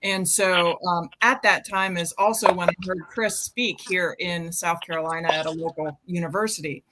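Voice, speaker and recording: A woman's voice: lowish voice, fairly even intonation, normal speed, background noise. A woman in her fifties telling a personal story in a casual, chatty way with many fillers. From United States. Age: 50s. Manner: chatty, many ums, quotes herself. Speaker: charity marathon runner guest. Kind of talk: casual storytelling on a live video chat.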